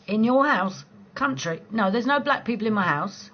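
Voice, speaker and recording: A woman from southeast England with a local accent, chatting casually with viewers on a late-night live stream from home, blunt and quick to laugh. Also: on the high side, expressive, muffled recording. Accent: southeast English. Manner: chatty, blunt, swears freely, laughs easily.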